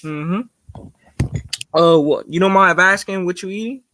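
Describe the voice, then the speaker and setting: A man's voice: sits high, a little slow, bright, forceful tone, no room sound. Laid-back guy on a video call, friendly, dry close sound. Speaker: guest on a live online talk show. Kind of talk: casual live-stream chat.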